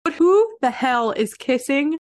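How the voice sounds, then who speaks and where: A woman co-hosting a podcast, telling scenes in animated casual chat full of "like". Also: sits high, a little slow, no room sound, studio quality. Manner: animated storytelling with lots of "like". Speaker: podcast co-host.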